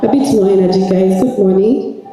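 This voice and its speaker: A woman trainer, hoarse and raspy from a cold, giving an upbeat ceremony speech and calling out to the audience. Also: medium pitch, normal speed, warm tone, slight background noise. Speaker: cybersecurity trainer. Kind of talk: ceremony speech presenting student projects. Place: large hall at a graduation ceremony. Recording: echoey hall.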